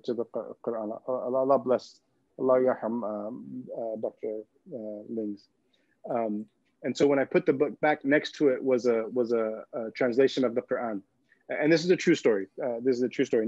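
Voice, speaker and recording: Laughing, mellow-voiced man. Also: mid-range voice, no echo. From California. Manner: humorous, laughs often, repeats words. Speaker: guest. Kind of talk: personal storytelling in a talk. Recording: dull, dry lo-fi sound.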